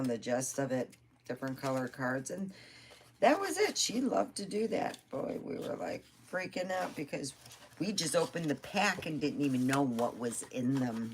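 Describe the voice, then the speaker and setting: A woman's voice: rumbling low, background noise. A woman telling rambling family stories in a casual vlog, laughing often and swearing now and then. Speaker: vlogger. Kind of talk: casual storytelling.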